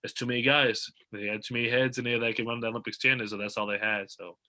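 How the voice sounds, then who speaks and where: A man's voice: mid-range voice, fast talker. A young male athlete talking eagerly and with animation as a guest on a casual podcast interview over a video call. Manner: animated, eager sports talk.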